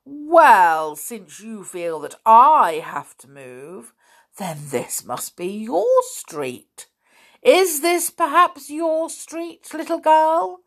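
A woman reading a story aloud, voicing a big, angry, bullying woman with a loud, snarling, menacing delivery. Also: low-pitched, expressive, takes it slowly, hardly any pauses, heavily acted.

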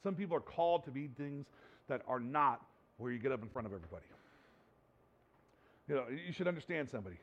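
A man's voice: medium pitch, animated, fast talker, pauses often, dull audio. A man as pastor, preaching a casual, conversational sermon that builds to emphatic points.

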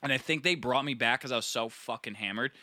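With clean studio sound and no echo, a young man quickly tells a rambling, profane party story in casual conversation, doing animated impressions of his friends' lines. His voice is mid-range.

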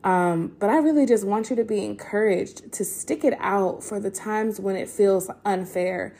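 A woman's voice: medium pitch, moderate pace, vocal fry, dark tone. A young woman hosting a podcast, talking earnestly about faith while emotional and holding back tears, with many ums and restarts. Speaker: podcast host. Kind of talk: casual faith-based encouragement talk.

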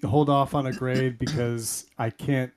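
A man in casual podcast chat, easygoing and measured. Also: mid-range voice, steady tone, a little mellow. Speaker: podcast co-host.

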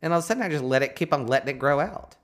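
A man's voice: a little high, expressive, racing. A man co-hosting a podcast, chatting casually in a playful, rambling, self-mocking way. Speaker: podcast co-host. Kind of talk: casual banter. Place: Nashville.

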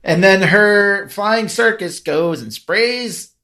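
A man's voice: high voice, takes it slowly, pushed and bright. A man co-hosting a podcast, chatting casually about a film, laughing often and letting sentences wander. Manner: laughing, meandering, trails off. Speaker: podcast co-host.

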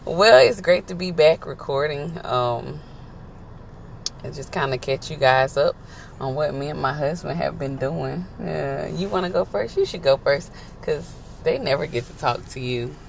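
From inside a noisy car, a woman hosts a casual podcast, teasing her husband and speaking straight to her listeners. Her low, creaky voice is animated, with a measured pace.

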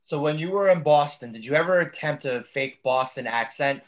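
A man's voice: fairly high pitch, normal speed. A man, a podcast co-host asking questions in a casual, chatty way. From New York. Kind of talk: podcast interview.

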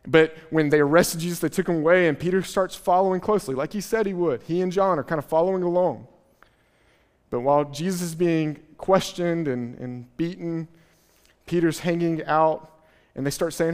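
Animated pastor with a lilt, in a reverberant hall. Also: male voice, on the high side, normal speed. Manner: retells scripture in casual voices, animated storytelling. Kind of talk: sermon.

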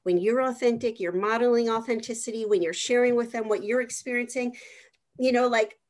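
A woman with a slightly higher voice chats casually as a parenting coach. She talks frankly and with energy, often acting out what parents and kids say. Her voice is plain and natural in an easygoing conversation. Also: a little fast. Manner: frank, lively, acts out quotes. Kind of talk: casual podcast chat.

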